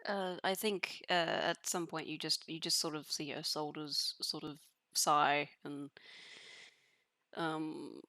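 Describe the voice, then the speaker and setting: A woman's voice: low-pitched, steady tone, takes it slowly, pushed and bright, no echo, studio quality. A woman playing a tabletop role-play game, narrating her character hesitantly with many restarts and giggles.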